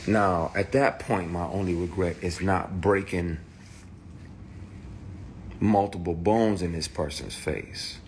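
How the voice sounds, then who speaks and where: A man's voice: low voice, slow pace, pauses often, a little hiss or hum. A man telling a personal story in a candid, profane way, heated and blunt. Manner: profane, heated, shouts in retold quotes. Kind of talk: candid personal account to camera.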